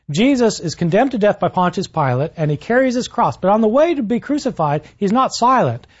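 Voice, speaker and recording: A man lecturing on the gospels and retelling scenes with animated delivery, lifting his voice for quotations, with frequent "uh" fillers. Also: high-pitched, muffled recording. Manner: animated storytelling, rises for quotes, frequent "uh" fillers. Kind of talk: university-style lecture.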